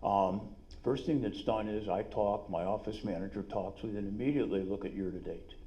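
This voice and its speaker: A middle-aged man with a New York twang pitches business ideas to a conference crowd with punchy, salesy energy and quick asides. His voice sits fairly low and has a mellow, dark tone. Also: muffled recording. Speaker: dentist and business speaker. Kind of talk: live seminar talk. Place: conference room.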